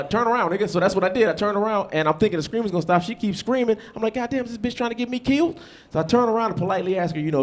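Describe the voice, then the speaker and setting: A man doing a stand-up comedy set on a club stage, with punchy, animated storytelling and asides to the crowd. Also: sits high. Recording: live club with loud background noise.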